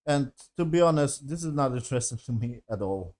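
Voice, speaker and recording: A man reviews a TV episode in a casual, rambling way full of fillers, swearing often and sounding exasperated. His medium-pitched voice is expressive, fairly quick and a little mellow.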